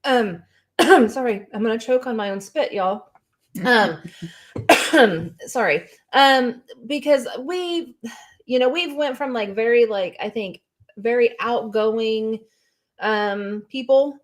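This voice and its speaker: A woman's voice: fairly high pitch, slow. A woman chatting casually, telling stories with many fillers. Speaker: co-host. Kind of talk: casual chat.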